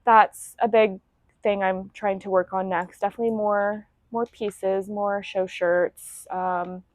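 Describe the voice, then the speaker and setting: A woman's voice: mid-range voice, level tone, slow pace, no room sound. A young woman and apparel business owner, chatting casually on a podcast, full of "like" fillers and laughing often.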